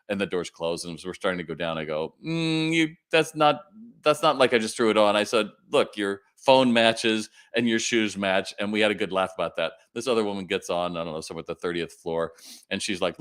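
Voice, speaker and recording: A middle-aged man hosts a live-streamed retail question-and-answer session. His voice sits somewhat low, but he speaks emphatically and keeps jumping up in pitch to voice quoted people or hammer home a point. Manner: animated and emphatic, jumps into a higher pitch to act out quotes and punch points.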